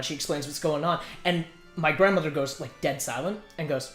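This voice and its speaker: A man's voice: on the high side, a little fast, echoey room, faint music behind. A man telling a family ghost story in a loose, rambling way, full of fillers and restarts. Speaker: storyteller in a group chat. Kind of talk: casual storytelling. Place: indoors, a hot room.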